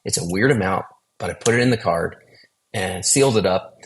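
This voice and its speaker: A man's voice: low-pitched, brisk, low-quality recording. A man earnestly telling a personal faith story in a conversational way, acting out the dialogue he quotes. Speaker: guest sharing testimony. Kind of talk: storytelling testimony.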